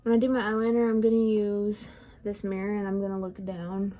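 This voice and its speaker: At home in front of the camera, a beauty vlogger who is heavily pregnant and breathless chats casually through her makeup. Her medium-pitched, mellow voice moves little in pitch and runs fairly quick, with frequent sighs and self-deprecating humor.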